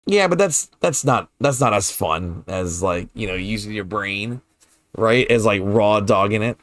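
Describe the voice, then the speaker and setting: This man's voice sits on the low side, fairly bright in tone, with lively intonation and an unhurried delivery; there's no room sound. While gaming on stream, he chats casually with his viewers and wonders out loud how words are pronounced, hesitating, repeating himself, and staying playful and curious.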